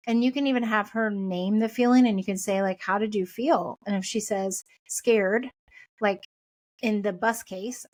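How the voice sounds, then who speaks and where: Gentle, chatty woman podcast host. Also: mid-range voice. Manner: gentle, conversational, many fillers and restarts. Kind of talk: casual solo podcast talk.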